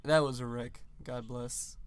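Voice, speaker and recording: A young man with a smooth, clear voice chatting casually on a podcast, joking and swearing as he talks. His voice is a little worn from a night of screaming at a concert. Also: medium pitch, fairly even intonation, a little slow, no room sound. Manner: joking, profane, laughs often. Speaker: podcast co-host. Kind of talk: casual chat.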